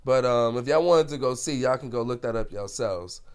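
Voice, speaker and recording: A man co-hosting a podcast in casual chat, loud and joking, swearing freely. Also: medium pitch, brisk, clear, resonant tone. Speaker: podcast co-host.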